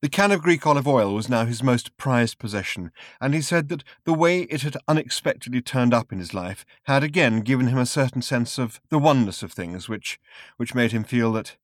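A man narrating a story in a dry, measured storytelling voice. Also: mid-range voice, dry recording. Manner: dry, measured storytelling with varied expressive delivery. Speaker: audiobook narrator. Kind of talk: scripted narration.

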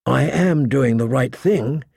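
A man's voice: medium pitch, slow, creaky, a little mellow, breathy edge, dry recording, studio quality, heavily acted. A man voicing John, a brooding young deserter. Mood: troubled.

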